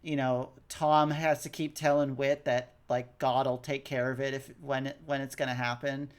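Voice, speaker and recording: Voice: medium pitch, little pitch movement, normal speed, clear, resonant tone. A podcast co-host in casual chat, rambling with many restarts and trailing thoughts.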